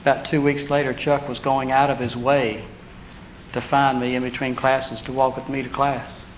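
A man preaching a storytelling sermon, animated, acting out the voices of people he quotes. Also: medium pitch, moderate pace. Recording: dull lo-fi sound with faint hiss.

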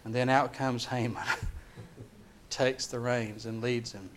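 A man preaching a sermon, retelling a story in an animated, dramatic way. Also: medium pitch, slow, slight background noise.

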